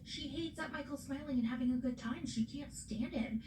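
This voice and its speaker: A woman with a fairly high voice recaps reality TV in casual, animated chat. She is blunt and swears freely. Her voice sounds roomy and distant, with steady noise in the background. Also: normal speed. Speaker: podcast host.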